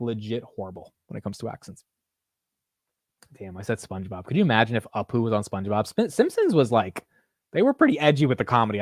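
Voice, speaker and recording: Casual young American market host. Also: male voice, medium pitch, dry recording, clean studio sound. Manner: casual, slangy, says dude and bro. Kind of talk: casual livestream market commentary.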